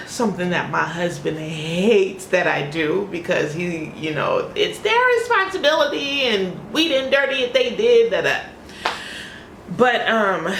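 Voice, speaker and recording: A woman's voice: mid-range voice, a little hiss or hum, low-quality recording. A woman in her thirties telling an emotional personal story to her vlog audience, acting out what people said. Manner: emotional, animated, acts out quoted voices. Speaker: vlogger.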